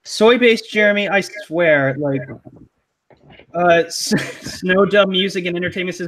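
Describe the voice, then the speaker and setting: A man hosts a casual live-stream panel, his voice sitting a little high for a man. He rambles, restarts and fills gaps with ums and likes, laughing easily. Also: a little slow, fairly bright tone. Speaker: host of a live online panel.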